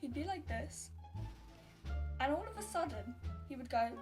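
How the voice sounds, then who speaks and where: Young woman, late teens, high voice, chatty and exasperated, casual storytelling vlog, music underneath. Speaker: YouTuber.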